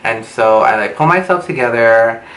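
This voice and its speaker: A man's voice: mid-range voice, lively intonation, moderate pace, a bit bright. A young man telling a casual storytime in a dramatic, gossipy, profane way, recorded on a camera mic at home. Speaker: beauty vlogger. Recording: roomy with faint background noise.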